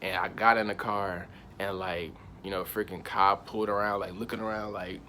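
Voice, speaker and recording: A man's voice: deep voice, flat delivery, normal speed, pushed and bright, a little hiss or hum. A young man casually telling a personal story in slangy, rambling speech. He circles back on himself and keeps repeating "I was like.". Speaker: channel host.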